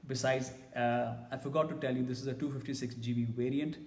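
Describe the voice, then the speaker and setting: A man's voice: mid-range voice, steady tone, brisk, darkish tone, echoey room, long reverb tail. A man giving a casual, blunt and opinionated tech review.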